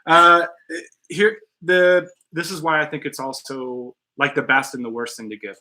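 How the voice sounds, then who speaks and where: A man's voice: fairly high pitch, steady tone, unhurried, pushed and bright. A man hosting a casual podcast chat in a studio, blunt and joking, with some profanity. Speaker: podcast host.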